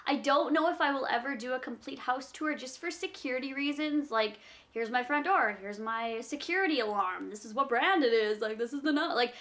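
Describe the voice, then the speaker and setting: High-voiced young woman YouTuber. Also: fairly quick, a bit bright. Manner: earnest, advice-giving, reads questions aloud. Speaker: YouTuber answering viewer questions. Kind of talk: casual Q&A vlog.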